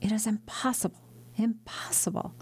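A woman's voice: mid-range voice, lively intonation, moderate pace, darkish tone. A woman reading an audiobook, voicing a desperate older merchant father with urgent, disbelieving lines.

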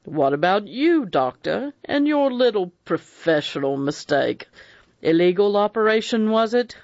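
A man's voice: high-pitched, big pitch swings, unhurried, no room sound, pitched above the performer's own voice, exaggerated voice. A man playing a mocking, reckless adventurer. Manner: mocking, sardonic. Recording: dull, dry lo-fi recording.

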